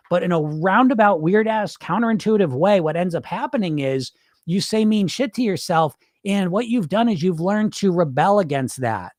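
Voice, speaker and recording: Fired-up, profane man, high voice. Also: darkish tone, no room sound, studio quality. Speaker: weight loss coach and hypnotist. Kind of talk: livestream talk answering chat.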